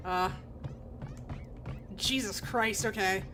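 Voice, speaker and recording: A woman's voice: a little high, normal speed, a bit bright, a little hiss or hum. A woman streaming a video game, reading its text aloud with casual, laughing asides.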